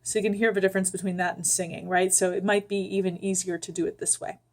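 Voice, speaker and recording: Calm woman teaching breath and voice. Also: mid-range voice. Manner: calm, unhurried, frequent ums, guides the listener step by step. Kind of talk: vocal instruction with sung demonstrations.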